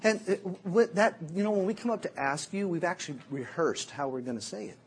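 A middle-aged man preaching a sermon as a Bible teacher, telling jokey, animated stories. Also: high-pitched, brisk, slight background noise.

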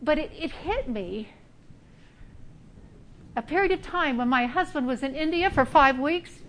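Middle aged woman preaching, high voice, emphatic, tells her own stories. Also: animated, a little slow, a little hiss or hum. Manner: emphatic, personal storytelling. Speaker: speaker. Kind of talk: sermon.

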